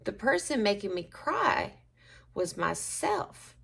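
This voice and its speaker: A woman's voice: mid-range voice, big pitch swings, takes it slowly, vocal fry, fairly bright tone, husky. A woman teacher chatting at home while getting ready, rambling and self-deprecating with occasional laughs. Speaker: schoolteacher. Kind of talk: casual get-ready-with-me chat.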